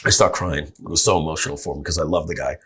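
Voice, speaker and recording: A man's voice: extremely low pitch, racing, breathy edge. A middle-aged man telling a long story in an interview, acting out other people's lines. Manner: animated storyteller acting out quotes. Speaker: guest entrepreneur.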